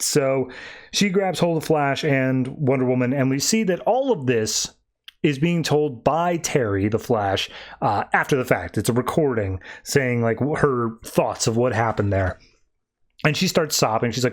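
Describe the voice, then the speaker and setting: A young man talks through a comic's plot at a casual podcast pace. His voice sits in a middle register. He rambles and leans on fillers, and his pitch lifts when he quotes characters. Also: lively intonation, normal speed. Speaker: podcast host reviewing comics. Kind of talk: casual recap and review.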